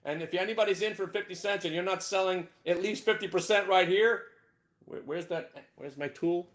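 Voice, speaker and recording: A man hosting a live market show, ranting brashly about his trades with sudden shouted outbursts. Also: high voice, fairly quick. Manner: excitable, loud bursts of shouting, brash. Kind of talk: live trading rant.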